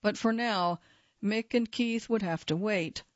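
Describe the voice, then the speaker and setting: A woman narrating a true-crime story in a measured, steady scripted delivery. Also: mid-range voice, dry recording. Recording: slightly dull, dry studio sound.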